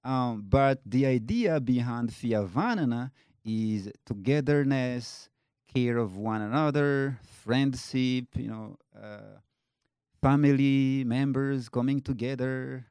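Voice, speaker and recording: A man from Madagascar whose first language is Malagasy, speaking English with a French-tinged accent. He is interviewed over a video call and talks in a halting way with many fillers. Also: mid-range voice, darkish tone, clear, resonant tone, no room sound, clean studio sound. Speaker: tour company founder. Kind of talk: casual interview conversation.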